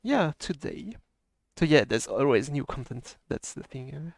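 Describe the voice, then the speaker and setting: A man's voice: a little high, very animated, measured pace, gravelly, no room sound. A man with a French accent, hosting a casual live stream and chatting with a laugh in his voice. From France. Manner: chatty, laughs often, mixes in French phrases. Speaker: stream host.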